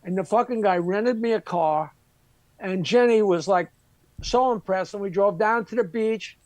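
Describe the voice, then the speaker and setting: A man's voice: sits high, normal speed, a little mellow, no echo. A man from Long Island, a comedian guest telling a crude, brash anecdote. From Long Island, New York. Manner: brash, crude, mimics other people. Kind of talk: profane storytelling anecdote.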